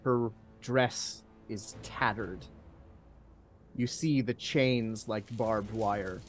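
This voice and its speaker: Slow, hushed man narrating as game master. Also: lowish voice, a little hiss or hum. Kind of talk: narrating a tabletop horror game.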